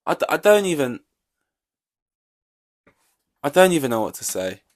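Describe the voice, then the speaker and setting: A man's voice: fairly high pitch, very animated, normal speed. A young man hosting a solo podcast, ranting in an exasperated, profane way. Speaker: podcast host.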